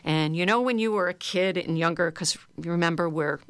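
A woman's voice: fairly low pitch, a little fast, fairly bright tone, clear, resonant tone, no room sound. A woman leading a guided laughter exercise for a group, coaxing and playful. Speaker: laughter yoga leader.

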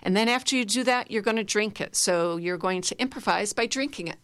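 A middle-aged woman leading a guided laughter exercise class, playful, breaking into high silly laughs and fake sneezes. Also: brisk, hardly any pauses, fairly bright tone, dry recording. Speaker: laughter yoga leader.

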